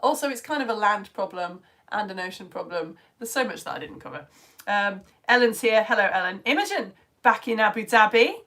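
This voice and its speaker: A woman teaching online works through viewers' comments on a live stream in a bubbly way, dropping whispered asides. Her mid-range voice is animated, brisk and fairly bright, with a slightly strained throat.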